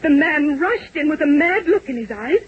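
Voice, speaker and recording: A scared teary young secretary, high voice, old radio play, dull hissy sound. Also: female voice, expressive, normal speed. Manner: breathless, distressed, tearful. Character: frightened young female secretary. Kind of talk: 1940s radio acting. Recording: lo-fi old radio recording with faint hiss.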